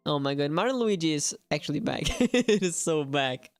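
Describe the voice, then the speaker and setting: A woman's voice: low-pitched, expressive, moderate pace, hardly any pauses, faint music behind. A young adult woman hosting a live gaming stream, chatting animatedly and addressing her viewers directly.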